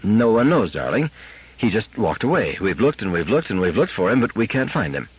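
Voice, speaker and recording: A man's voice: fairly low pitch, sing-song, fairly quick, slightly rough, exaggerated voice. A man playing a stern, stubborn mother. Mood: soothing. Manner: firm, clipped and grim. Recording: dull lo-fi sound.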